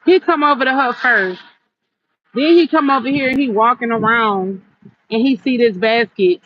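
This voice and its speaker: Livestreaming from an outdoor stall in the cold, a woman who sells gift baskets chats casually about a run-in with a customer. Her slightly high voice moves at a moderate pace, and she retells the argument with quoted back-and-forth, though the audio is dull with a little hiss or hum.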